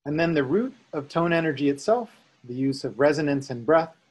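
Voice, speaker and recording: A man teaching a Sanskrit lesson, calmly explaining sounds and chanting tones for students to repeat. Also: a little high, brisk, breathy edge, rough recording. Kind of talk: slow guided chanting lesson.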